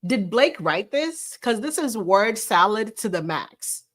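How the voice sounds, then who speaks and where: A woman's voice: medium pitch, very animated, takes it slowly, fairly bright tone. A woman hosting a casual livestream, reading a news article aloud and mocking it with sarcastic, incredulous remarks and frequent laughter. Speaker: livestream host. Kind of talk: casual commentary on celebrity news. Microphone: live stream camera setup.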